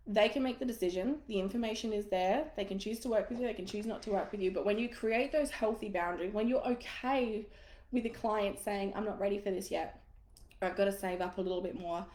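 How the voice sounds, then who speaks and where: A woman's voice: mid-range voice, darkish tone, reverberant. A woman coaching business owners in a live masterclass, casual, frank and encouraging, swearing now and then.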